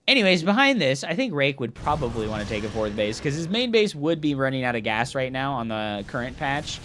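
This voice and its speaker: An excitable man casting a strategy game live, chatting and joking with his viewers. His pitch swings widely, jumping up when he gets hyped. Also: fairly quick, few pauses. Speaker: game streamer and caster. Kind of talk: live game commentary and chat.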